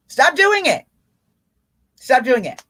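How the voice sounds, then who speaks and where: A woman hosting a live political talk stream, urging her viewers on with emphatic, repeated commands and quick mimicking asides. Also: high-pitched, big pitch swings, bright, forceful tone. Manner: emphatic, repetitive exhortation straight to viewers. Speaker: live-stream show host.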